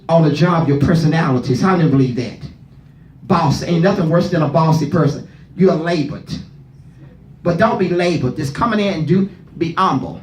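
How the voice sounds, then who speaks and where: A man's voice: on the high side, reverberant. A man preaching at a Bible study, leading readers and firing questions at the room. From not from Philadelphia. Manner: fervent, asks the room questions, repeats words.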